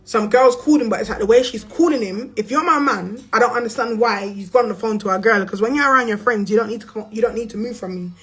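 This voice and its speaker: A woman's voice: fairly high pitch, fast, hardly any pauses. A young woman with a London accent telling a story on a livestream in a blunt, profane, slangy way. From England. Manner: blunt and profane, slangy, animated with bursts of laughter. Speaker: influencer on a livestream.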